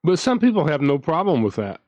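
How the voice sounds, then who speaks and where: A man's voice: fairly high pitch, sing-song, a little fast, darkish tone, dry recording. A man hosting his own channel, ranting in a casual, indignant way, with frequent restarts as he talks. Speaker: commentary channel host.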